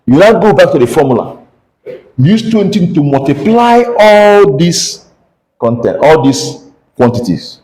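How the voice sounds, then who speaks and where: A man's voice: a little high, sing-song, unhurried, darkish tone, low-quality recording. A Nigerian-accented man teaching pharmacy calculations in class, drilling students with constant call-and-response questions. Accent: Nigerian English. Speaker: pharmacy lecturer. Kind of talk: classroom lecture.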